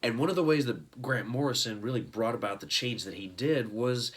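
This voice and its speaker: An American man hosting his own show about comic books, talking casually to camera in an excitable, rambling way and often tripping over words and correcting himself. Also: medium pitch, a little fast, hardly any pauses, slightly rough. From United States. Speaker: comic book reviewer, show host.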